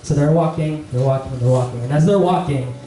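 Casting young male preacher, chatty and loose with fillers, mellow voice, recorded from across an echoey church hall. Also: a little high, brisk, recorded from a distance. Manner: relaxed, chatty, many fillers and "like". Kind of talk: casual church message with storytelling. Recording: echoey church hall, faint room noise.

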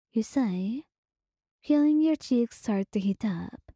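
Woman narrator, hushed whispered role-play, very dry close sound. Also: a little high, animated, slow, husky, no echo. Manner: soft, hushed second-person narration. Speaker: storyteller.

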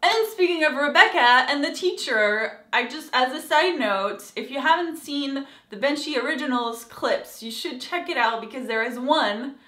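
A young woman giving an animated, gushing review of a TV episode in a casual vlog, acting out quotes as she goes. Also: sits high, moderate pace, hardly any pauses, echoey room.

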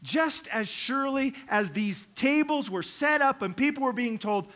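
A man's voice: very high voice, lively intonation, unhurried, few pauses, fairly bright tone. A middle-aged male pastor preaching a sermon in a conversational, humorous way, acting out little quotes.

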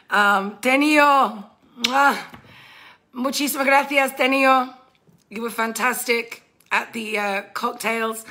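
A woman's voice: fairly high pitch, sharp tone. A woman hosting a casual live stream, gushing thanks to viewers with many fillers and growing emotional.

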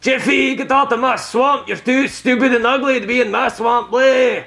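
A man's voice: extremely high pitch, steady tone, normal speed, gravelly, a bit bright, pitched above the performer's own voice, exaggerated voice. A man putting on a sneering, taunting bully voice. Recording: roomy echo.

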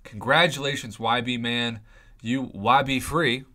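A man commentating on mobile game crystal openings for his YouTube channel, excitable and playfully dramatic, pleading out loud for good results. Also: mid-range voice, unhurried.

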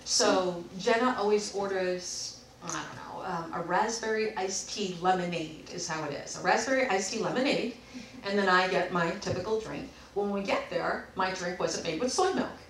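A woman vlogger casually telling a story to camera, animated and acting out both sides of conversations. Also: fairly low pitch, normal speed, slight background noise. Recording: echoey room, voice from a distance.

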